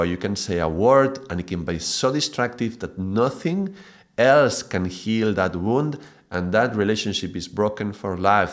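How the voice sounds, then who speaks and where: The speaker is a man teaching yoga and mantras in a spoken video lesson, with a voice on the low side. His tone is reflective and considered, punctuated by occasional excited, laughing outbursts.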